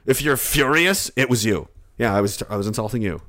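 A man's voice: fairly low pitch, background noise. A man hosting a livestream, ranting sarcastically with lots of swearing and mocking jokes. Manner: sarcastic, swears freely, riffs into silly voices. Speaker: livestream host. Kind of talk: profane comedic rant.

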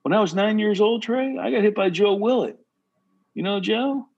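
A man who played pro baseball giving casual, animated advice to pitchers, full of "bro" and "right?". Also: brisk, breathy edge, lo-fi sound. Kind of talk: casual coaching talk.

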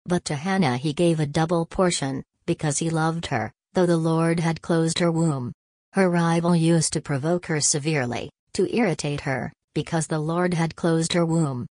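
A woman reading a scripture passage aloud in a measured, even way for a church service. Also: low voice, dry recording, studio quality. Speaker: scripture reader.

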